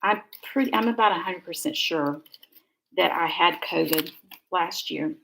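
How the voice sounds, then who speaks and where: A middle-aged woman with a gravelly, fry-edged voice. She chats and rambles through a live crafting demo in an easygoing way. She sits low in her range. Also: measured pace, low-quality recording. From Georgia, USA. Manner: chatty, rambling, warm asides. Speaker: card-making crafter.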